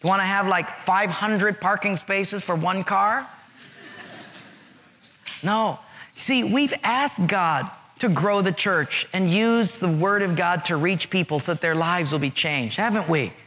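A middle-aged man preaching a sermon in a lively, conversational way with humor. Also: high voice, a little slow. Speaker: pastor.

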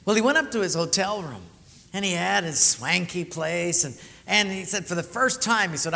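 A male pastor preaching a sermon, telling stories with swings between loud outbursts and hushed passages. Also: high voice, lively intonation, normal speed, vocal fry, big-room sound.

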